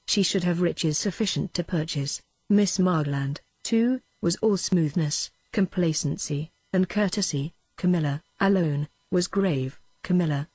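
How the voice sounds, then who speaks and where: Synthetic British female narrator, low breathy tone, flat machine reading. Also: no echo. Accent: British English. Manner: even, mechanical, reads punctuation aloud. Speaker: audiobook narrator.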